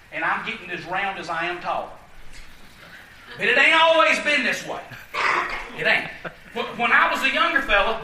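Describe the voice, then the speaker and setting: A bright, sharp-toned man preaches with folksy emphasis, voice swooping up high and down low. He is picked up from some distance off the mic, in an echoey church sanctuary. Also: a little hiss or hum. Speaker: pastor. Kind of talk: sermon.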